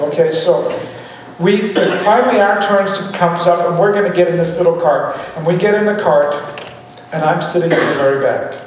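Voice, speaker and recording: A man's voice: a little high, normal speed, a crowd in the background. A man preaching a sermon, telling a funny personal story with lots of laughter. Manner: humorous storytelling, often laughing. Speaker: pastor. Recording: echoey hall from far off, with room noise.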